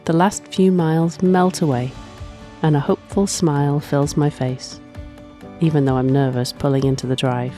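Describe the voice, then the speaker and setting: A woman reads a first-person story aloud in a soft, reflective way, often sighing between lines. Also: low voice, fairly even intonation, normal speed, soft background music. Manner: soft, reflective, with frequent sighs. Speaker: narrator.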